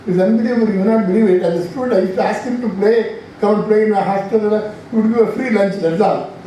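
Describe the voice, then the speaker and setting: A man's voice: high voice, fast, dark tone, a little hiss or hum. A man in his eighties with an Indian English accent, giving a rambling, anecdotal inaugural speech in a large hall, full of restarts and self-corrections. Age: 80s. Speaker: scientist giving an inaugural address. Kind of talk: informal speech. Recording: very echoey hall from far off.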